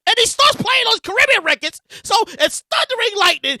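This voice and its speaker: A woman in her thirties hosting a solo podcast, telling stories in a casual, profane, animated way and acting out quotes loudly. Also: extremely high pitch, fast, hardly any pauses, dry recording, studio quality. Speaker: podcast host.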